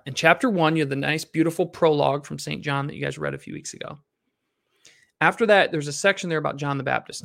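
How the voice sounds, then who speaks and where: A man's voice: fairly high pitch, vocal fry. A man reading a Bible passage aloud and then teaching on it, asking his class questions as he explains. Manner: reads scripture slowly, then explains in a lively, questioning way.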